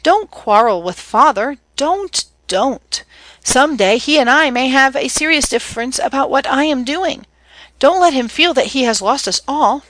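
Soft playful young sister, voiced by a woman, sweet, higher than the narration, dry close mic. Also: animated, unhurried, no echo. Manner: soft, pleading, lightly playful.

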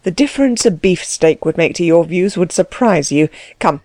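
A woman voicing a calm, dryly ironic gentleman in an audiobook, measured and unruffled. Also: lowish voice, no echo. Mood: kind. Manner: measured, unruffled, dry irony. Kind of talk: audiobook character reading.

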